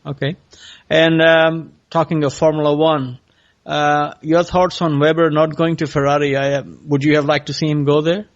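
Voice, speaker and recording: Halting male podcast host, lo-fi. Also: fairly high pitch, level tone. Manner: halting, asks questions with many pauses. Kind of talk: interviewing a guest. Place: California.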